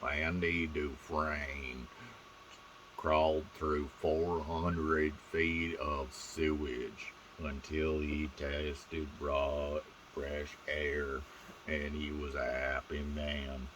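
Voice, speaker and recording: A man's voice: very deep voice, little pitch movement, a bit bright, a little hiss or hum, exaggerated voice, low-quality recording. A man putting on an impression of a grave older male film narrator. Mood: solemn. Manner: slow, grave, measured narration.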